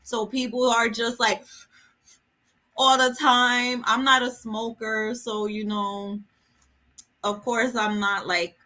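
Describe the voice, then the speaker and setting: A woman's voice: a little high, flat delivery, slow pace, long pauses, bright, forceful tone. A woman hosting a book vlog, chatting casually and jokingly with viewers during a livestream. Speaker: book vlogger host. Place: home in a city.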